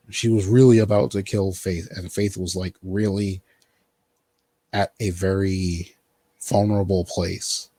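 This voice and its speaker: A man's voice: sits low, fairly even intonation, measured pace, dark tone, dry recording. A man casually recapping a TV show on a podcast, rambling with lots of fillers. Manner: rambling, filler-heavy, quotes characters in mock voices. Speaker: podcast host.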